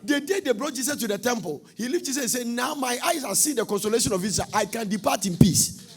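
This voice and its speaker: A man with a Ghanaian accent preaching a sermon with fervor, shouting and half-singing his lines and swinging his pitch widely. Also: expressive, quick pace, breathy edge, faint music behind. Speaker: prophet preaching.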